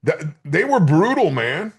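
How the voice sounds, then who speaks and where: A man's voice: a little high, unhurried, breathy edge. A man in his fifties hosting a podcast, chatting casually with friends and telling stories in a profane, joking way. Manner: profane, joking, animated storyteller. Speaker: podcast host.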